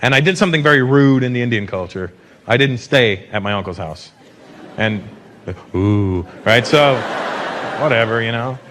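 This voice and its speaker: A man's voice: medium pitch, moderate pace, a little hiss or hum. A man in his fifties from Canada, telling profane stand-up stories on a theater stage. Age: 50s. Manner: brash, profane storytelling. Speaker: stand-up comedian. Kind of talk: stand-up comedy set. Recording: live stage mic with loud crowd. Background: audience laughter and applause.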